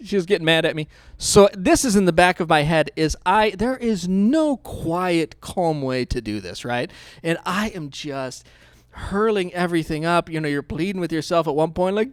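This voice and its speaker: A man's voice: fairly high pitch, moderate pace, no room sound. Storytelling man pastor, dry sound. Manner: conversational storytelling with quoted asides; animated, swinging between hushed and loud. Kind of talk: sermon.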